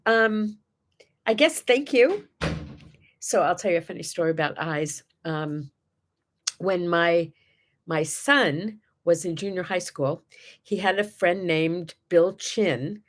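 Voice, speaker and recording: A woman's voice: medium pitch, animated, slow. A middle-aged woman hosting a casual morning chat, telling stories and acting out the people she quotes. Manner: chatty storyteller, acts out quotes. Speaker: host.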